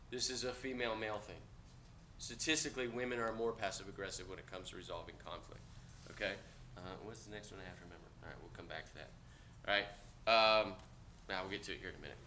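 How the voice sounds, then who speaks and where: A man lecturing a class of cadets, blunt and joking, with loud outbursts. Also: on the low side, slight background noise. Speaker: instructor.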